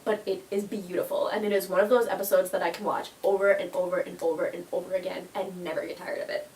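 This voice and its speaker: A woman's voice: lowish voice, flat delivery, quick pace, darkish tone, recorded from a distance, poor audio. A woman vlogger chatting casually and emotionally, gushing with many fillers like "like" and "oh my goodness". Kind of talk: casual chat.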